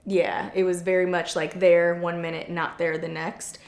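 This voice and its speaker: A young woman co-hosting a podcast tells candid personal stories in an animated, open, chatty way, dropping "like" constantly. Her voice is on the low side at normal speed, and the room sounds echoey.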